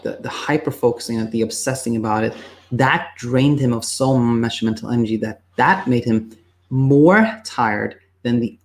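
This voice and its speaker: A man working as a sleep coach, answering viewer questions in a casual, halting way and acting out the voices he quotes. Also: medium pitch, gravelly.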